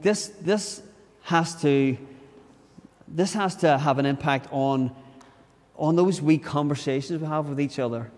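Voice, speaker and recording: Speaking in a church with long reverb, a man with a Northern Irish accent delivers an earnest, conversational sermon. His voice sits on the high side with a darkish tone, and he frequently restarts words and voices inner grumbles.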